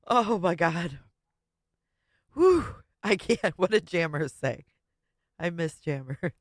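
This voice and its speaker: A woman hosts a casual live stream reaction, dissolving into giggles and tossing out curse words. Her pitch swoops up and down with lots of animation, and she takes her time over each phrase. The sound is close and dry, with almost no room echo. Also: expressive, very slow, long pauses. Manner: giggly, laughing constantly, swearing freely. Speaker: livestream host. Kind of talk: casual livestream reaction commentary.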